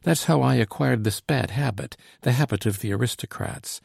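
A man voicing a frightened, quick-witted young woman who pleads politely with soldiers, in a trembling manner. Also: medium pitch, gravelly, darkish tone, breathy edge, dry recording, clean studio sound. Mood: pleading.

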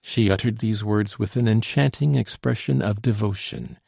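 A man narrating an audiobook in a measured, expressive storytelling manner. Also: fairly low pitch, creaky, dry recording, studio quality.

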